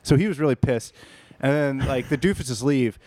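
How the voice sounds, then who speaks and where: A man's voice: mid-range voice, animated, moderate pace, darkish tone, no room sound. A man telling a bar story in casual podcast chat, rambling and profane, often restarting mid-sentence.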